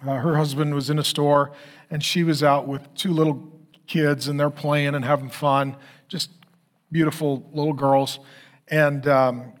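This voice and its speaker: A man's voice: on the high side, little pitch movement, measured pace. A man preaching as a pastor, telling a story with emphatic lists, then closing in prayer. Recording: long hall reverb.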